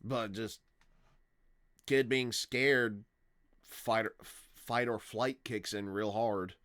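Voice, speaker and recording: A man's voice: fairly low pitch, steady tone, takes it slowly, fairly bright tone. Man reacting in casual chat. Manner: short reactions and musing asides, drifting off mid-thought. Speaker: reaction channel host.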